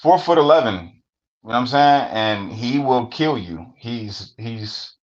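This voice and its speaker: A man's voice: medium pitch, animated, a little slow. A man who co-hosts a podcast, telling stories in a blunt, profane, plain-spoken way. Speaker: podcast co-host. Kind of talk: casual storytelling. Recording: dull lo-fi sound.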